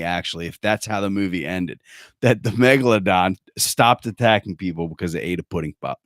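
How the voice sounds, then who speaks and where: A man's voice: deep voice, a little fast, fairly bright tone, no echo, clean studio sound. A man hosting a podcast, ranting in a sarcastic, profane, rambling way. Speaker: podcast host. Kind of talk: casual comedic rant.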